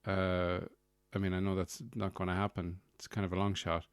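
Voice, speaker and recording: A man's voice: low-pitched, little pitch movement, normal speed, smooth, no room sound, clean studio sound. A man hosting a comedic solo podcast, rambling and sardonic with lots of fillers. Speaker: podcast host.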